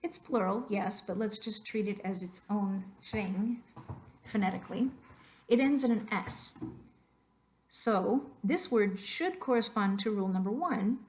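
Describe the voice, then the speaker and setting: With a medium pitch and measured pace, a woman teaches Spanish over a narrated slideshow. She patiently explains, voicing sample words to demonstrate their stress.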